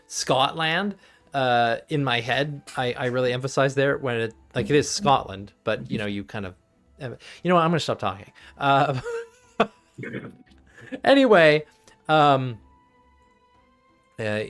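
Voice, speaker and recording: A man acting as game master of a tabletop game, rambling with many fillers and quick laughs. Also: medium pitch.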